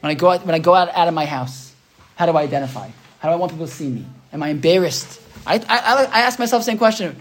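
Man, sermon, fast, earnest, repeats phrases, slightly high voice. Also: lively intonation. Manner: earnest storytelling with repeated phrases and frequent "right?".

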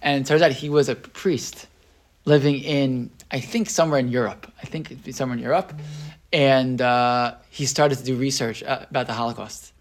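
A man's voice: mid-range voice, steady tone, normal speed. A man teaching a Torah class in a casual, rambling way, with many restarts and tag questions.

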